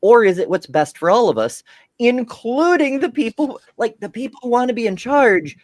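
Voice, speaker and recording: A man chatting casually on a podcast panel, swearing freely and telling stories with animated energy. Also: very high voice, normal speed, dry recording, studio quality. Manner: profane, animated storytelling. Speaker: podcast co-host.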